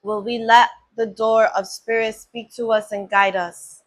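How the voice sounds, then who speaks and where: Woman card reader, higher pitch, unhurried, earnest, affirming spiritual tone. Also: little pitch movement. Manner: slow, earnest and affirming, often checks in with "right?". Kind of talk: spiritual oracle card reading.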